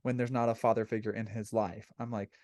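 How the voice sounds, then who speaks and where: A man's voice: on the low side, level tone, fast, a little mellow, no room sound. Blunt opinionated man in a chat. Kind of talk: casual chat.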